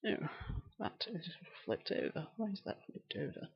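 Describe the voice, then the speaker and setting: A woman's voice: lowish voice, very animated, moderate pace, gravelly, husky. A woman from York with a Yorkshire accent, chatting casually on a live stream while knitting and answering viewers' comments. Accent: Northern English, Yorkshire. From England. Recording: slightly dull lo-fi stream audio.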